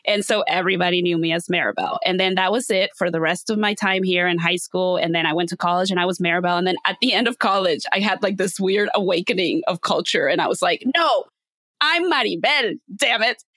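A woman's voice: lowish voice, fast talker, hardly any pauses, dry recording, studio quality. A young adult woman hosting a podcast, chatting casually and telling stories with frequent laughter. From Latin America. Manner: laughs often, animated storytelling. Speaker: podcast host.

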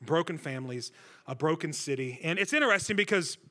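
Guest preacher, man, bright forceful tone, slightly high voice, jokes with the room. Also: a little fast. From Centralia, Illinois. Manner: energetic, joking, talks with the crowd. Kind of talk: sermon. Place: church stage before a congregation.

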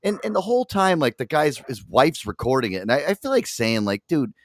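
Animated, swearing podcast co-host man. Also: medium pitch, fairly quick, no echo, clean studio sound. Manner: animated storytelling, swears a lot, acts out quotes. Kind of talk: casual podcast chat.

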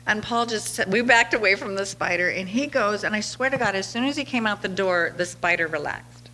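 Bright-voiced woman telling chatty stories. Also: medium pitch, a little fast, a little hiss or hum. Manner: chatty, laughs often, animated quoting. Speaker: podcast host. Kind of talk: casual storytelling monologue.

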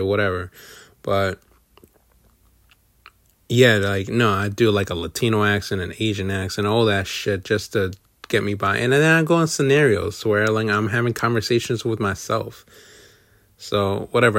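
Solo podcast host, man, lower voice, dry close sound, crude and rambling. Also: a bit bright, no room sound. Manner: profane, rambling, self-deprecating.

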